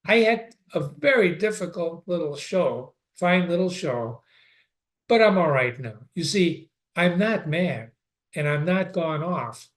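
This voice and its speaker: A man reading the lines of a guarded, weary young woman nurse, lifting his voice slightly higher and softer than his narration. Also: lively intonation, takes it slowly. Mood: wistful.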